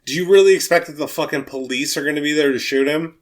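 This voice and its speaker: A man co-hosting a movie podcast, retelling scenes in a profane, animated way and acting out the lines. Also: on the high side, quick pace. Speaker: podcast co-host. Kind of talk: casual movie-discussion chat.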